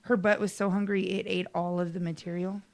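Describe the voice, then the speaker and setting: A woman's voice: on the low side, little pitch movement, a little fast, vocal fry. A woman co-hosting a talk show, teasing the others playfully through crude banter.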